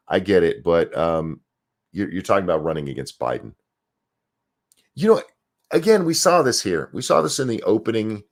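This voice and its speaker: A man's voice: fairly low pitch, animated, moderate pace. A man giving a blunt, sarcastic reaction rant, swearing freely while fighting the hiccups. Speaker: political commentary streamer.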